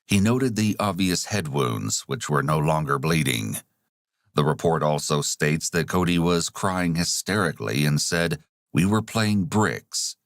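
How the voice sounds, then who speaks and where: Man, low voice, dry close sound, measured scripted true-crime narration. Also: no echo.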